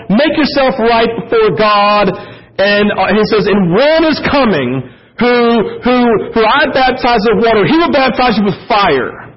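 A man preaching a sermon, telling the story in an animated way and acting out the quotes. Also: sits high. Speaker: pastor. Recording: dull lo-fi sound.

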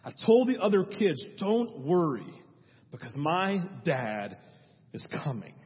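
A man's voice: a little high, expressive, normal speed, slightly rough, long reverb tail, muffled recording. A trusting little boy, as a male preacher puts him on. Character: young boy trapped under rubble, trusting and calm.

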